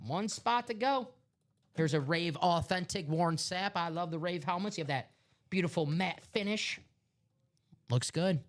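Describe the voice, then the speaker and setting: A man's voice: fairly high pitch, normal speed. Upbeat Chicago-accented man hosting. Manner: upbeat, joking, hyping items. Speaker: live break host. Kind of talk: live stream sales chat.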